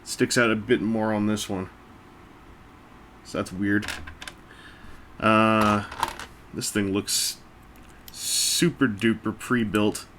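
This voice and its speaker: A man's voice: fairly low pitch, little pitch movement, takes it slowly, long pauses, bright, forceful tone, slight background noise. A man casually chatting while he builds a brick set, rambling along with self-mocking jokes and asides. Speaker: toy-building video host. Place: indoors at a table.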